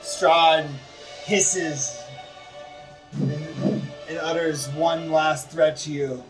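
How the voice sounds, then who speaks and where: A man narrating a tabletop game as game master, unhurried and with frequent restarts. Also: a little high, flat delivery, recorded from a distance, soft background music, rough recording.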